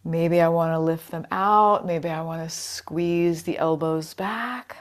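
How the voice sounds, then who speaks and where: A woman leading a chair yoga class over a video call, calm and encouraging as she cues breaths and movements. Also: deep voice, slow, few pauses. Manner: calm, encouraging, greets participants by name. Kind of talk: guided yoga class instruction.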